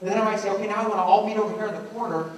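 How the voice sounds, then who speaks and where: In rapid-fire delivery and a high-pitched voice, a middle-aged education speaker motivates a room of teachers, playing out different voices as he narrates his stories. A little hiss or hum runs under the audio, which was recorded at a distance in an echoing space.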